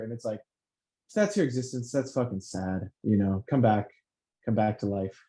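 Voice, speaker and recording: Mellow-voiced man, profane pep talk. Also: lowish voice, moderate pace, low-quality recording. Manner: profane, animated, self-help pep talk. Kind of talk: casual motivational chat.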